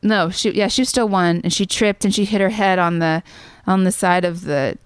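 A woman's voice: lowish voice, normal speed, clear, resonant tone, no room sound, clean studio sound. A woman in her thirties, a songwriter guest, telling a personal story in a rambling way with lots of fillers. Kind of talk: conversational storytelling.

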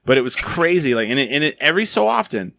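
A man's voice: on the high side, fast talker, vocal fry, dry recording. A man hosting a podcast, chatting casually and telling stories animatedly, acting out the voices of people he quotes. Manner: animated storyteller, acts out quotes. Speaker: podcast host. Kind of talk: casual chat.

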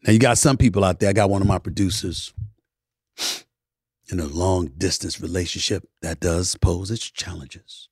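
A man hosting a podcast in a casual monologue, emphatic, swinging between loud preaching and low murmurs, now and then singing bits of old soul songs. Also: steady tone, moderate pace, breathy edge, no echo, clean studio sound. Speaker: podcast host.

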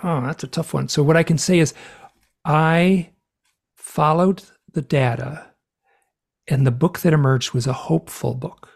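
A middle-aged man, an author being interviewed, telling personal stories in an earnest, animated way and acting out what others said. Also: on the high side, measured pace, vocal fry, slightly rough. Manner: earnest, animated storyteller who acts out quotes. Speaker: author and guest. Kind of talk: storytelling interview talk.

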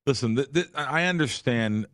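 A man's voice: medium pitch, animated, normal speed, fairly bright tone, no echo, studio quality. A man, a longtime sports bettor appearing as a guest, telling stories in a rambling, emphatic way with many fillers. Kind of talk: casual storytelling conversation.

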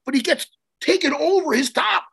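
Animated, gravelly-voiced man telling a story. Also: extremely high pitch, normal speed. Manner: excitable, profane, repeats himself while telling a story. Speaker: podcast co-host and martial arts coach. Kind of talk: casual chat, animated storytelling.

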